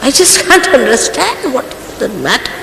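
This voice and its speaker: Woman teacher scolding her followers, lively and swooping delivery, long hall reverb. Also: high-pitched, moderate pace, vocal fry. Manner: stern, admonishing, lecturing. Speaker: spiritual teacher. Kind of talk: scolding spiritual address to followers. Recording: echoey hall recording, faint hiss.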